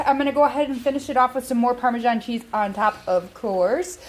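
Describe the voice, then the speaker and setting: A woman's voice: a little high, steady tone, brisk, darkish tone, poor audio. A young woman chatting casually as she cooks and hosts her own vlog, rambling a little with plenty of ums. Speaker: home cook and channel host. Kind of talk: casual cooking vlog chat.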